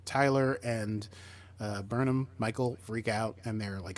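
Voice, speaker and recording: A man's voice: mid-range voice, moderate pace. A man co-hosting a podcast, chatting casually as he retells a TV episode and acts out bits of the characters' lines. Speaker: podcast co-host. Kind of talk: casual chat recapping a TV episode.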